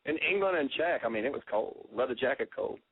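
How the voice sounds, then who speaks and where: A man's voice: medium pitch, expressive, brisk, slightly rough. Guest: laid-back Texan man, Southern accent, jokey and loose, phone-line sound. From Texas. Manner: laid-back, joking, swears casually. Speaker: guest musician. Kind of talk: casual radio interview.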